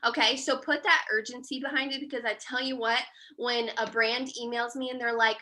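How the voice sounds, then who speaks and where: A woman coaching a sales team on a video call, emphatic and coaxing, acting out how to pitch. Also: fairly even intonation, brisk, bright, forceful tone. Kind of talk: casual live video-call training.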